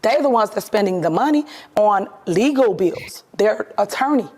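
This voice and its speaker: Female mayor, interviewee; firm, defensive, insistent delivery at a mid pitch. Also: animated, moderate pace, a little mellow, slightly rough. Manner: assertive, defensive, repeats points firmly. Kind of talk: interview answers.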